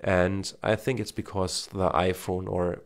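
Deep-voiced German-accented man giving advice. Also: little pitch movement, a little slow. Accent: German, with a slight Indian tinge. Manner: earnest and encouraging, with frequent fillers. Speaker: marketing coach, former TV cameraman. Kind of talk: casual advice to camera. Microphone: smartphone with an external microphone.

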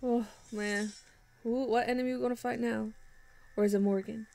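A woman talks casually through her reaction to a TV episode, exclaiming often and fighting back tears. Her voice sits a little high with a gravelly fry running through it. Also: fairly even intonation, moderate pace, a little mellow, faint music behind. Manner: emotional, exclaiming, laughing often. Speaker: reaction vlogger.

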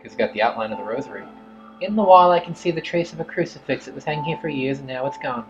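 A man in a casual let's play, cracking jokes and teasing his co-player as he reads the on-screen text aloud. His voice sits at a middle pitch, and the recording sounds dull and lo-fi. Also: fast talker, music in the background. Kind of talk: casual gameplay chat. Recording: dull lo-fi audio.

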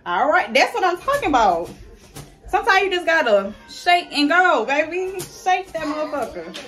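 A woman vlogging casually at home while getting ready, loud and playful, talking straight to her viewers with slang. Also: sits high, big pitch swings, normal speed. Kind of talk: casual chat to camera. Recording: distant mic with music playing behind.

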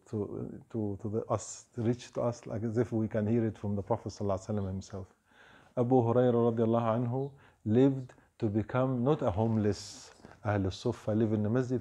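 Animated man telling a mosque story. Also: medium pitch. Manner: animated storytelling, acts out quoted voices, frequent Arabic phrases. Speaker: imam giving a short evening reminder. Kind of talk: storytelling sermon.

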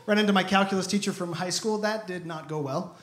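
A man's voice: sits high, fast, fairly bright tone. A man in his thirties performing an upbeat stand-up comedy set on stage. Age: 30s. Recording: echoey stage sound.

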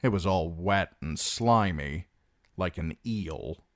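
A man reading a novel chapter aloud as narrator, slow and expressive. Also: sits low, no room sound, studio quality. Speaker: audiobook reader. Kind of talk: storybook narration.

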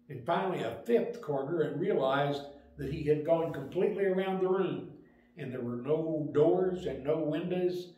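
Older male Sunday school teacher, slightly high pitch, easygoing storyteller, heavy room echo. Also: mellow. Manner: plain, unhurried storytelling with small restarts. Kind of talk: Sunday school lesson talk. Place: church room. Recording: very echoey room.

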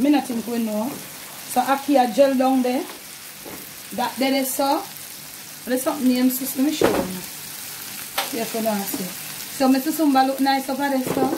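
A woman from Jamaica with a Jamaican accent, hosting a casual cooking vlog, chatting warmly and slipping into patois. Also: high voice, echoey room, slight background noise. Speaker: cooking channel host.

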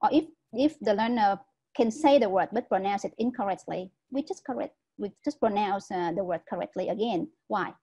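A woman's voice: medium pitch, moderate pace, dark tone, breathy edge, poor audio. A woman giving an online lecture as a teacher trainer over a video call, explaining step by step and often checking understanding with "right?".

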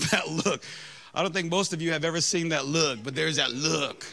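A pastor in his thirties telling a humorous, self-mocking story during a sermon, with lively, animated delivery. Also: fairly high pitch, moderate pace, creaky.

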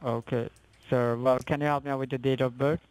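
Formal male call-center agent, polite and smooth-voiced. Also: mid-range voice, little pitch movement, a little fast, darkish tone, rough recording. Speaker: phone scammer. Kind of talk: scripted call-center talk.

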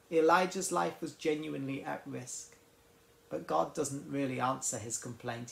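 A man's voice: a little high, gravelly, a bit bright. A man preaching a sermon, retelling Bible stories with dramatic flair and acting out the complaining characters. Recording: echoey room.

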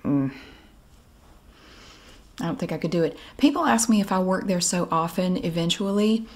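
A middle-aged woman telling a wry, exasperated story about an old job in a casual, chatty way. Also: on the low side. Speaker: vlogger.

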